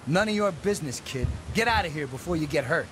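A man's voice: fairly high pitch, animated, quick pace, fairly bright tone, slight background noise. An actor playing a young male gang bully in a video game, taunting and threatening with a sneer. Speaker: game character.

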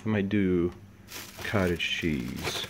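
A man's voice: animated, slow pace, creaky, background noise. A man vlogging casually, thinking aloud and chatting about his day and his dogs. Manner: talks softly to his pets in a higher baby voice. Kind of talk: casual vlog.

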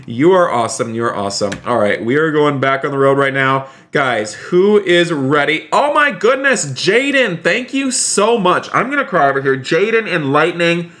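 A man streaming a game live, chatting upbeat and effusively and thanking his viewers by name, with sudden excited high exclamations.

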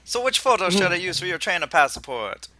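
A man voicing a cheery, upbeat male professor who welcomes newcomers, with a booming, playful delivery that attempts a put-on lilt. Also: lively intonation, normal speed, pushed and bright. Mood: cheerful.

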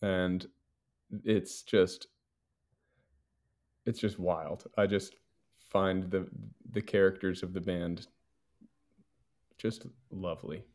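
A man with a lowish voice talks as a podcast guest from a band. He is relaxed and a little hesitant, filling pauses with ums as he thinks aloud. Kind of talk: casual chat.

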